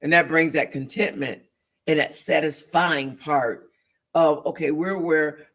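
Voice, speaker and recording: Animated, bright-voiced woman preaching. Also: deep voice, a little slow. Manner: animated and emphatic, acting out inner voices; repeats phrases for emphasis. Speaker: co-host of a church talk show. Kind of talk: faith discussion, preaching-like.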